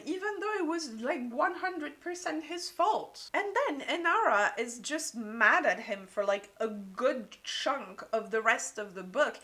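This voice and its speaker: A woman's voice: high-pitched, expressive, measured pace, few pauses, sharp tone. A woman giving a casual book review, gushing and peppering her talk with "like".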